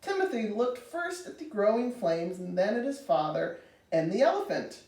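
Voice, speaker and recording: A woman reading a children's storybook aloud in an expressive, animated way. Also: medium pitch, moderate pace, far from the mic. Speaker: storybook reader. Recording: roomy, reader away from mic.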